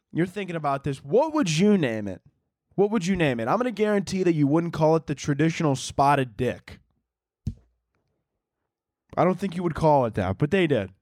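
A man's voice: a little high, dry recording, clean studio sound. A man hosting a solo comedy podcast, rambling crudely and joking with frequent restarts. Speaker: podcast host.

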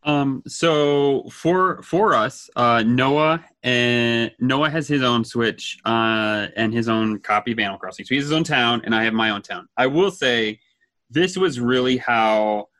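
A man's voice: mid-range voice, unhurried, a bit bright, dry recording. A man in his thirties co-hosting a casual podcast, rambling and laughing often. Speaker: podcast co-host. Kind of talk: casual chat.

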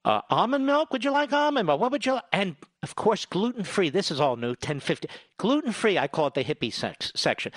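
A man's voice: sits high, huge pitch swings, moderate pace, few pauses, a bit bright, no room sound, studio quality. A man giving a sarcastic grocery-aisle rant, rattling off long lists of items. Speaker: commentator. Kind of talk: ranting grocery-store monologue.

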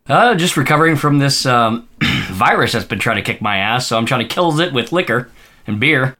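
A man on a podcast panel, tossing out playful quick quips in casual banter. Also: medium pitch, expressive, sharp tone. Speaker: podcast guest.

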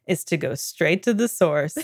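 A woman's voice: low voice, animated, normal speed, a little mellow, no room sound. Woman, podcast co-host, casual chat, wry, dry recording.

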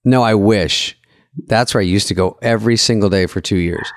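A man's voice: fairly low pitch, normal speed. A man co-hosting a podcast, telling wry, self-deprecating stories in casual comedic chat. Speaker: podcast co-host.

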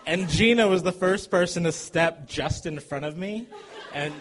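A man telling a comic true story to a live audience, animated and chuckling as he goes. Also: on the high side, normal speed, a little hiss or hum.

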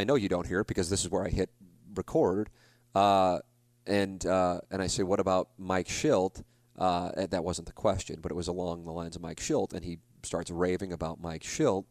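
A man's voice: sits low, steady tone, normal speed, dry recording. A man in his forties, a podcast host, telling a rambling, self-deprecating story in a casual monologue. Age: 40s.

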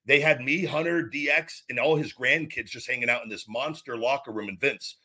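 A man in his forties tells a story on a podcast, with a bright, forward tone. He rambles and circles back, restarting sentences and repeating words as he goes. His pitch sits in a middling range. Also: brisk, slightly rough. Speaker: podcast host, former wrestler. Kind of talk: casual storytelling chat.

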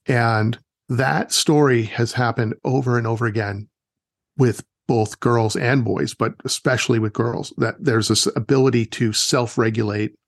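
A man who works as a wilderness educator, telling stories in a relaxed, chatty way during an interview and acting out the people he quotes. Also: medium pitch, measured pace, creaky, dry recording, studio quality. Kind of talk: casual interview storytelling.

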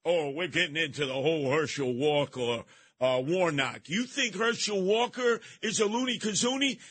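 A man hosting a talk radio show, delivering a brash, mocking monologue with frequent shouting and a New York accent. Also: fairly high pitch, normal speed.

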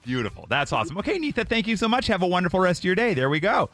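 Bubbly, animated male radio host. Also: sits high, rapid-fire, faint music behind. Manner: bubbly, effusive, laughs often. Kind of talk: morning radio chat.

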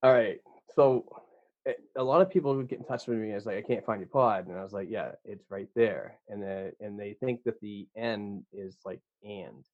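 A man with a Boston accent, a podcast guest chatting casually in a rambling, animated way with many restarts. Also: fairly low pitch, moderate pace, no echo. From Boston area, USA. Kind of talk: casual chat. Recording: dull lo-fi remote line.

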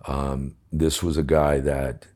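A man's voice: rumbling low, level tone, slow pace, darkish tone. An older man telling a war story from his police days, blunt and profane, acting out the dialogue. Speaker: former police commissioner. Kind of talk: casual storytelling.

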